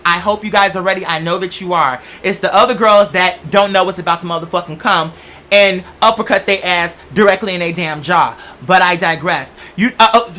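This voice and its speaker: A man's voice: high-pitched, sharp tone. A young man hosting a show, talking in a sassy, campy, profane comedic monologue. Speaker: show host.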